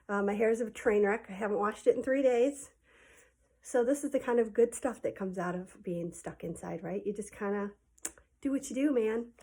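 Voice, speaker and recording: A woman's voice: mid-range voice, normal speed, slightly rough. Chatty woman telling a childhood story. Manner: chatty and animated, with many ums and likes. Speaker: teacher telling stories to her class. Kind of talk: casual spoken storytelling. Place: at home.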